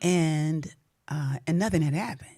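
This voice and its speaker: A woman with a deep, dark, slightly rough voice hosts a livestream, singing spiritual songs over instrumental music. Afterward she tells reflective stories casually, in slow, drawn-out phrasing.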